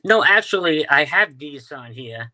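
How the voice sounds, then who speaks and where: A man's voice: fairly high pitch, animated, measured pace, sharp tone. A man from Staten Island with a New York accent, telling stories as an interview guest, with plenty of fillers and restarts. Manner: storytelling, many fillers and restarts. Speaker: guest, UFO sky watcher. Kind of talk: casual interview chat.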